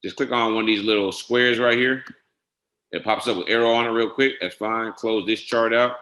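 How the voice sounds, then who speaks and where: A man giving a casual screen-share software walkthrough, methodically spelling out each entry step by step and often checking in with "all right?". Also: lowish voice, steady tone, moderate pace, roomy sound. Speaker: software trainer.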